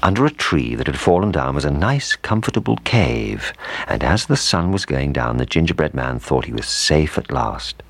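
A man reading a children's storybook aloud with expressive, lively intonation. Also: rumbling low, normal speed, vocal fry, dry recording.

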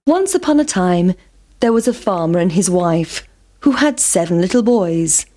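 A woman reading a children's fairy tale aloud, slow and clear. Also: on the low side, big pitch swings, warm tone, faint music behind. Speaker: storyteller. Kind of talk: scripted narration.

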